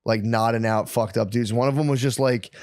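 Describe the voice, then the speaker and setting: A man's voice: mid-range voice, fairly even intonation, brisk, a little mellow, no room sound. Profane storytelling man, dry podcast sound. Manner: rambling, profane, acts out quoted lines. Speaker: podcast co-host. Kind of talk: casual storytelling chat.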